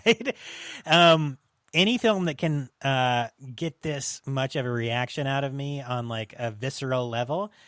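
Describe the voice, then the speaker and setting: A man's voice: mid-range voice, a bit bright, dry recording, studio quality. A young man hosting a casual podcast, talking loosely and laughing often, with a lot of swearing. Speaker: podcast host.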